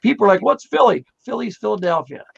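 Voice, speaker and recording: Gravelly high-voiced man, blunt and joking. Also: expressive, fast talker, background noise. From Pennsylvania. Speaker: guest. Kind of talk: casual livestream chat. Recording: dull lo-fi call audio.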